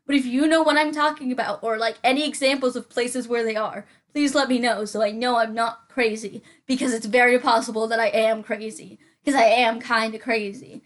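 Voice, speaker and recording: A woman's voice: fairly high pitch, fairly even intonation, brisk, hardly any pauses. A young woman rambling casually over her gameplay, often mocking herself and talking to herself. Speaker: gaming channel host.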